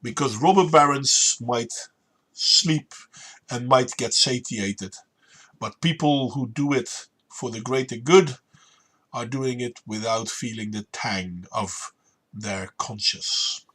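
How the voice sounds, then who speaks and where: Husky man with a Dutch accent. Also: medium pitch, slow, a bit bright. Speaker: stream host. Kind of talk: casual political debate.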